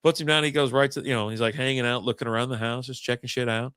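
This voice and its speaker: A man spins a casual, swear-laden story on a podcast, voicing the people in it as he goes. His voice sits at an ordinary pitch, and the sound is dry and close with no room around it. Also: fast talker, clear, resonant tone, no echo. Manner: animated, profane storytelling with acted-out quotes. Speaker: podcast host.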